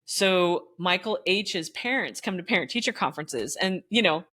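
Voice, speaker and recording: A woman's voice: lowish voice, normal speed. A woman, a former teacher, telling a school story in casual chat and acting out the people she quotes. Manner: animated, acts out quoted voices, laughs while telling.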